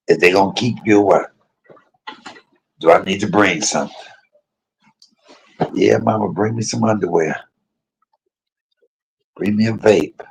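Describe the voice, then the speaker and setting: A man livestreams from a private hospital room, chatting casually and emotionally in a rambling, heartfelt way and repeatedly calling his viewers "y'all." His voice is low, husky, a little slow, and full of vocal fry, with long pauses. The recording is rough.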